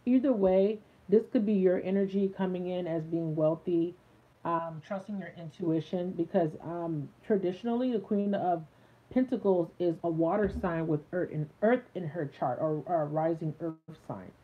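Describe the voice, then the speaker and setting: Low woman's voice, live tarot reading, chatty with fillers, tinny phone-like sound. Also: normal speed. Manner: chatty, many fillers, talks to live viewers. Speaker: tarot reader. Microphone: phone a little way off.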